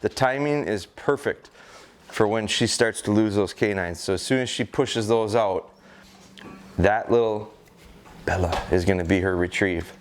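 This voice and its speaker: A middle-aged American man, a gun dog trainer, calmly explaining a training session and hesitating with fillers as he goes. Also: fairly low pitch, measured pace, slight background noise. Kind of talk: instructional talk during a training session.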